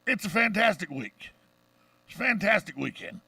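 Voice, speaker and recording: A middle-aged man from the Deep South with a Southern accent, hosting a radio talk show with brash, joking banter. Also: very animated, vocal fry, pushed and bright, recorded from a distance, a little hiss or hum. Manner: brash, joking, fast-talking storyteller.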